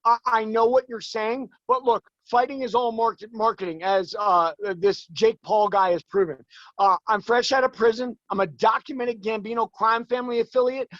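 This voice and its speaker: A man in his forties, a guest in an interview, talking emphatically and fast, his voice climbing as he gets worked up. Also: high voice, fairly even intonation, fairly bright tone, no room sound, muffled recording. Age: 40s. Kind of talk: heated interview talk.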